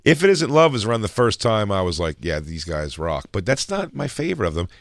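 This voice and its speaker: A man's voice: medium pitch, sing-song, quick pace, gravelly, no echo, studio quality. A man co-hosting a podcast, rambling through crude jokes in casual banter. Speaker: podcast co-host.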